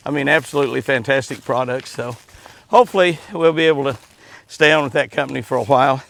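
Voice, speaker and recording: A man hosting a casual chat while he walks in the woods, folksy and quick to chuckle, cooing sweetly at his dogs between stories. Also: medium pitch, creaky, a bit bright. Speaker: host. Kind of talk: casual outdoor chat to camera. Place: outdoors, walking in the woods.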